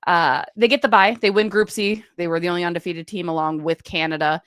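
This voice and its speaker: A woman co-hosting a podcast, chatting casually about hockey and rattling off stats and player names at a brisk clip. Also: lowish voice, steady tone, a bit bright, clear, resonant tone, dry recording, clean studio sound. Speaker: podcast co-host.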